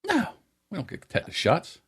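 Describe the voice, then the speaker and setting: Animated storytelling man, podcast co-host. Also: high-pitched, fairly quick, breathy edge. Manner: animated, acts out quotes in a raised voice. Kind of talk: casual storytelling chat.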